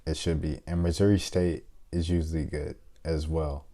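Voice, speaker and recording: Low, mellow-voiced man picking brackets. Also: little pitch movement, moderate pace. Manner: thinks aloud, hesitant fillers, playful shout-outs. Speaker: sports video host. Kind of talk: casual bracket-picking chat.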